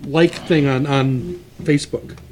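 A man's voice: on the high side, steady tone, slow pace, a crowd in the background. Profane joking middle-aged man. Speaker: podcast co-host. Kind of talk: casual chat.

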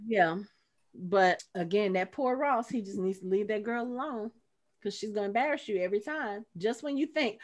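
A woman co-hosting a casual podcast talks about a film and acts out quotes from its characters. She speaks at a medium pitch and normal speed in this relaxed movie discussion.

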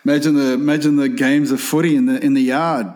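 A man's voice: mid-range voice, little pitch movement, fast, a little mellow. A man co-hosting a casual podcast, blunt and crude with dry one-liners. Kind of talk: casual chat.

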